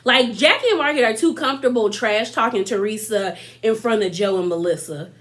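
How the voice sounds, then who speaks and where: A woman's voice: a little high, a little fast, a bit bright. A young woman in her twenties giving a chatty, slangy recap of a reality show, talking straight to viewers and mocking cast members' lines in put-on voices. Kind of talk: casual episode recap commentary.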